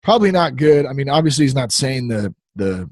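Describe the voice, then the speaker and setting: Man, podcast host, husky voice, dry close sound, rambling and playful. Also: mid-range voice, very animated, brisk, no echo. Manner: rambling, easily distracted, playful. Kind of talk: casual rambling podcast talk.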